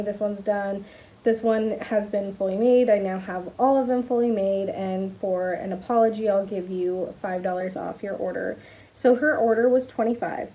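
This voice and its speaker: Young woman, small business owner, chatty and exasperated storyteller, lo-fi audio. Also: a little high. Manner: chatty, exasperated, with sighs and laughs. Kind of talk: casual storytime vlog.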